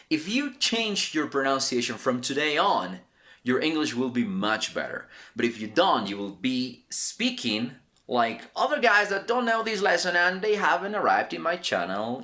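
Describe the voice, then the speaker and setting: Male teacher, slow and deliberate, very lively pitch. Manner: enthusiastic, emphatic, repeats words slowly. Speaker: English teacher. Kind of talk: language lesson.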